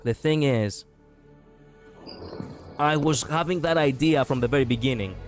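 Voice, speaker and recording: A man's voice: medium pitch, measured pace, soft background music. A man from Europe hosting a livestream, chatting casually, rambling and repeating himself with frequent laughs. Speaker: streamer host.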